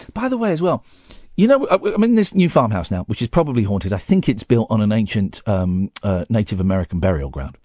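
Lively late-night radio host, man. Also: medium pitch, no room sound. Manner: rambling, animated storytelling. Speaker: radio talk show host. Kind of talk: late-night phone-in chat. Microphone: studio microphone.

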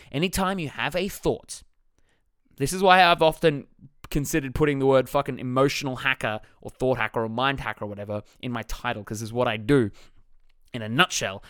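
A man's voice: a little high, fairly bright tone, clear, resonant tone, no room sound, studio quality. A man talking as a life coach in a motivational self-help talk, blunt and jokey, swearing freely.

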